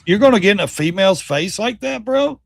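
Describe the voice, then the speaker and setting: A middle-aged man hosting a casual livestream, reacting to videos with loud, blunt, slangy commentary. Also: high voice, animated, brisk, gravelly, a little hiss or hum. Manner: loud, blunt, slangy, mocks and quotes the clips.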